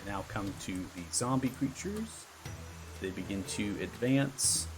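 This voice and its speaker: A man narrating a tabletop battle as game master, measured and full of fillers. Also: lowish voice, big pitch swings, music in the background.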